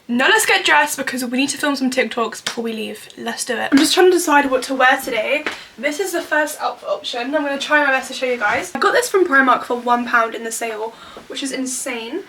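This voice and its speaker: A woman's voice: sits high, fast, vocal fry, pushed and bright, a little hiss or hum. A woman in her twenties chatting candidly through a makeup tutorial, full of fillers like "like" and "you know". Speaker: vlogger. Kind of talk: casual makeup tutorial talk.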